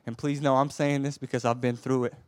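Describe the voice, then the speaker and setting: A man with a mid-range voice preaches briskly, his tone level even as the sermon moves between soft, tender stretches and loud, emphatic bursts. He frequently stammers and doubles back on words while making his case. The audio has no echo.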